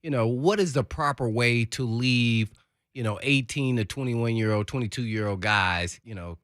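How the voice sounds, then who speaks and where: A man's voice: medium pitch, moderate pace, a bit bright, no echo, studio quality. A man co-hosting a sports radio show, talking in a rambling, earnest way full of fillers. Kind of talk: casual sports talk.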